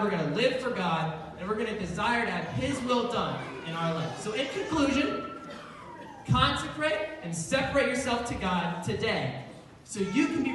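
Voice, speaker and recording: Speaking in a voice that sits high, a young man delivers a comic youth sermon to children, animated and playful and laughing often. The recording comes from a distance in an echoey indoor hall, with room noise and the young audience audible behind him.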